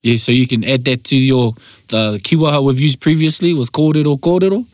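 A man with a New Zealand accent co-hosting a casual chat, laid-back and quick to chuckle. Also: mid-range voice, a little mellow, no echo, clean studio sound. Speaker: podcast co-host.

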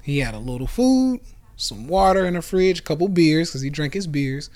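A man in his thirties hosting his own podcast, talking through a casual motivational monologue that jumps from loud bursts to low asides, with the odd curse. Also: animated, moderate pace. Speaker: podcast host and investment club founder.

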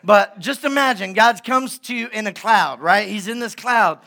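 Man, pastor, emphatic sermon, high voice, bright tone. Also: moderate pace, creaky. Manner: conversational, emphatic, checks in with the congregation.

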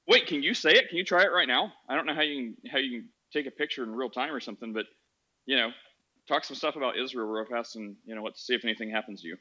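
A man hosting an online chat, joking around and asking quick questions. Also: medium pitch, bright, forceful tone, muffled recording. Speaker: podcast host.

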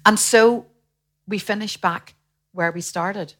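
A woman preaching a sermon in a lively way, acting out the voices of the people she quotes. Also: medium pitch, slow pace, long pauses. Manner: animated, acts out quoted voices.

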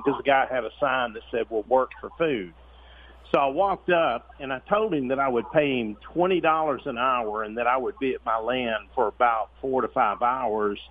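Man telling a story over phone. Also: medium pitch. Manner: steady storyteller, clears throat. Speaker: caller. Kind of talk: telling an anecdote on a call-in show. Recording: phone line with faint background noise.

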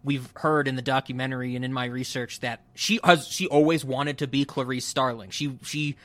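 A man's voice: mid-range voice, steady tone, normal speed, a bit bright, no echo. A man co-hosting a casual movie discussion podcast, opinionated and blunt, swearing casually. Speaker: podcast co-host.

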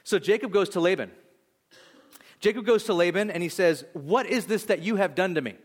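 A man's voice: sits high, lively intonation, normal speed. A male pastor preaching a sermon, telling a story animatedly and acting out its lines in shifting voices. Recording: long hall reverb.

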